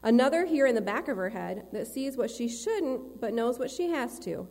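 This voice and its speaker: A woman's voice: a little high, expressive, moderate pace, a little mellow. Tireless male creator, as a woman reads him in her own voice for church storytelling, with long hall reverb. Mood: earnest. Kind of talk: read-aloud church storytelling.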